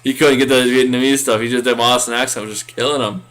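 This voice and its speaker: A man's voice: medium pitch, fairly even intonation, quick pace, fairly bright tone. A man co-hosting a casual recap podcast, rambling with many fillers and restarts. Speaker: podcast co-host.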